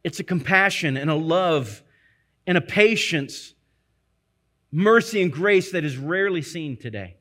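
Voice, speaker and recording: A man's voice: on the high side, lively intonation, a little slow, fairly bright tone. A male pastor preaching a sermon, earnest and emphatic, repeating phrases to press his point.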